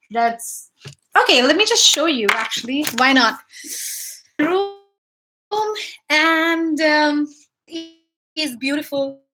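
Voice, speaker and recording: A young woman with a high, bright voice hosts a casual livestream, reading out viewer comments and greeting people by name. She is chatty and upbeat, talking from her hotel room into a phone camera. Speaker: YouTuber hosting a livestream.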